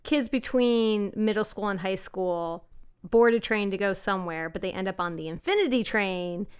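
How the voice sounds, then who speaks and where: A woman chatting casually with friends on a podcast, animated and quick to dive into details. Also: mid-range voice, smooth. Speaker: podcast panelist. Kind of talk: casual group chat.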